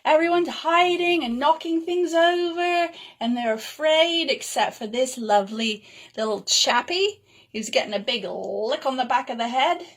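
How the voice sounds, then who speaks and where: A woman reading a picture book aloud to children, gentle and expressive. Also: high voice. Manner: gentle, lilting, slow and expressive. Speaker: storyteller.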